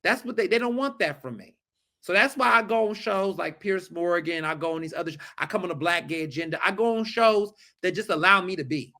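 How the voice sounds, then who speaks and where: High bright-voiced guy, emphatic, hammering his points, repeats stuff for punch. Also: fairly quick. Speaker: podcast guest, journalist. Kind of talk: casual chat.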